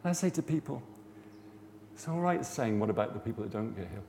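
A man preaches in a loose, chatty way, his gravelly voice swooping up and down as he presses his points with fervour. The sound carries a long hall reverb with a faint hiss behind it. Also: fairly low pitch, lively intonation, quick pace, dark tone. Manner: chatty storytelling, rising to fervent emphasis. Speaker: preacher teaching on healing prayer. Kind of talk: informal sermon talk.

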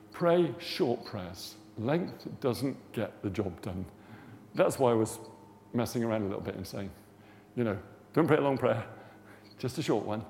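A man's voice: medium pitch, gravelly, a little mellow. A man giving an informal sermon on healing prayer, chatty and storytelling, rising to fervent emphasis. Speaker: preacher teaching on healing prayer. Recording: long hall reverb, faint background noise.

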